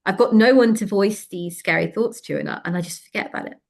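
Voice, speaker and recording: A woman telling a personal story in conversation, frank and lively, with many fillers. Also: mid-range voice, fast, creaky. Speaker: interview guest.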